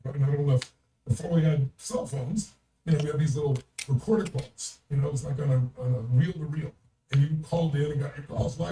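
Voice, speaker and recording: Emphatic older man with a mellow, high-pitched voice. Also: a little hiss or hum. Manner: emphatic, blunt, swears freely. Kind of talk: anecdotal storytelling. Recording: roomy, distant from the mic.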